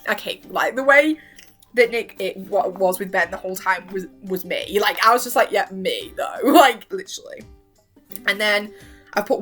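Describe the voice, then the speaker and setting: A young woman rambles excitedly about a show she has watched. Her pitch swings widely as she mimics characters and breaks into frequent laughs. Her tone is bright and sharp, with faint music behind her. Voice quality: strained voice after long talking. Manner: animated, laughs often, acts out quotes with exaggerated voices. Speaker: vlogger. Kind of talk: casual chat reviewing a TV show.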